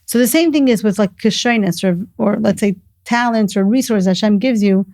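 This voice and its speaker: A woman's voice: medium pitch, moderate pace, mellow, no room sound. A middle-aged woman talking earnestly in a casual conversation, telling stories and mixing in Hebrew and Yiddish words. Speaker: guest, mother of the host.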